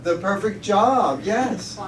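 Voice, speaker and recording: A man's voice: high-pitched, lively intonation, slow pace. Storytelling man in an echoey hall. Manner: chatty storyteller, laughs at his own jokes. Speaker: guest speaker. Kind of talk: inspirational talk with stories. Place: church hall with audience. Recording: echoey hall, distant mic, faint hiss.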